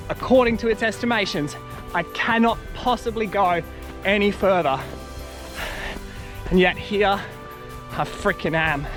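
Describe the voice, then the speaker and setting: A man talking casually to the camera in a self-filmed vlog, excitable and rambling, outdoors on a trail. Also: sits high. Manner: excitable, rambling, swears mildly. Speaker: vlogger, trail runner.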